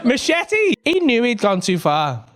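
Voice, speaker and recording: A man telling a story in stand-up, acting out the characters in shouted voices, recorded live in a comedy club with audience laughter. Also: very high voice, huge pitch swings, a little slow, heavy background noise.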